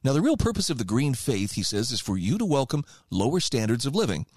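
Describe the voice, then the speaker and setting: A man's voice: medium pitch, sing-song, fast talker, a little mellow, breathy edge, dry recording, clean studio sound. A man hosting a radio talk show, giving opinion commentary in a conversational, emphatic way and reading passages aloud.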